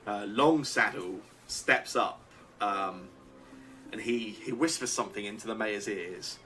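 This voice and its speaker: A man narrating a tabletop game as game master, halting with many fillers. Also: on the low side, a bit bright, a little hiss or hum.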